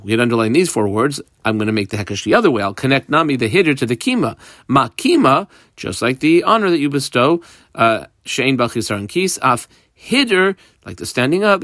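A man leads a Talmud lesson at a middle pitch, reading Hebrew and Aramaic phrases and explaining them in English. He tells the listener where to underline and number the page, pausing with fillers as he goes. The sound is dry and close. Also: fairly bright tone, no echo. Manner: explains step by step, telling how to mark the text. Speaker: Talmud teacher. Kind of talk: line-by-line study lesson.

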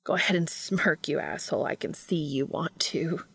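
Woman doing Castiel, hushed low-voiced angel. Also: lively intonation, unhurried, vocal fry, breathy edge, heavily acted. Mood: intense. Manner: quiet and hushed, sometimes whispering. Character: soft-spoken male angel, earnest and intense.

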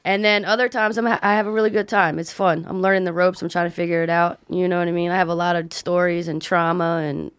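A woman's voice: on the low side, fairly even intonation, quick pace, hardly any pauses, smooth, no echo. A woman guest comedian, blunt and profane in casual podcast chat.

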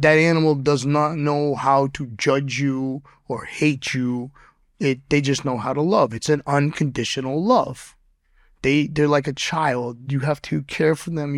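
A man guest on a podcast telling rough, profane stories in a blunt way, often stammering and restarting his sentences. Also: fairly high pitch, dry recording, clean studio sound. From Boston. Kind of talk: casual interview storytelling.

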